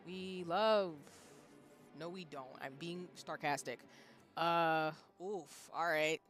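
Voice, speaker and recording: This gamer in their thirties keeps up a casual running commentary, bantering with the characters on screen. They speak slowly in a mid-range, fairly bright voice with fairly even intonation, while faint music sits behind them.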